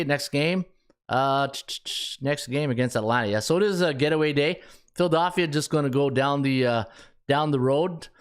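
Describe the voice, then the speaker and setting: This smooth, fairly high-pitched male voice belongs to a Canadian podcaster covering sports betting. He chats casually, thinking out loud and cracking jokes to himself while crunching the numbers.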